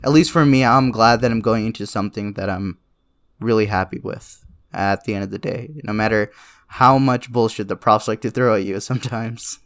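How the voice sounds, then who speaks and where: Speaking at a normal speed, a young male podcast co-host with a fairly low, slightly bright voice chats casually at night. He immigrated to Canada at a young age and tends to ramble, swear freely and laugh often.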